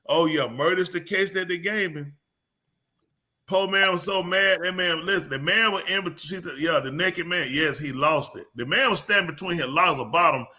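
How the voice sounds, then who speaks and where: A man with a bright, forceful voice, co-hosting a live call-in show. He tells stories in loose, casual banter and breaks into loud laughter. His voice sits a little high. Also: moderate pace. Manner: animated storytelling with loud laughs. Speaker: co-host.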